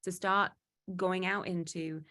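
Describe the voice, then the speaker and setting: A woman giving a motivational talk, animated and acting out quoted exchanges, with frequent restarts. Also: fairly low pitch, slow. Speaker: guest speaker.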